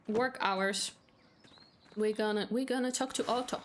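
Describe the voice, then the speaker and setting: A woman's voice: fairly high pitch, steady tone, measured pace, long pauses, a little hiss or hum. A woman streamer giving casual gameplay commentary, with playful, exasperated asides while reading game dialogue aloud. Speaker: gaming streamer.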